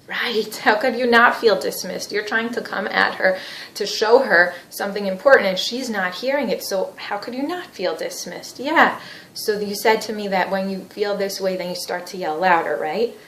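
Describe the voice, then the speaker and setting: A woman therapy trainer teaching through role-play, explaining her steps and gently probing and validating as the therapist. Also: medium pitch, moderate pace, slight background noise. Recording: echoey room.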